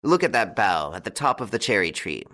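A man's voice: lowish voice, very animated, a little fast, pushed and bright. A man voicing the boastful, brash eldest son of a farmer. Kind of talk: audiobook character voice.

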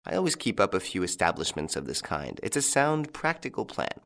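A man reading the part of a suave, mocking young gentleman thief in an audiobook, with a playful, teasing manner. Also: low-pitched, sing-song, a little fast, gravelly, exaggerated voice.

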